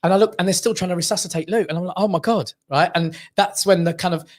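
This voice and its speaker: Animated English man telling a story. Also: high-pitched, fast talker. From England. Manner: animated anecdote teller, acts out quotes. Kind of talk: casual chat, storytelling.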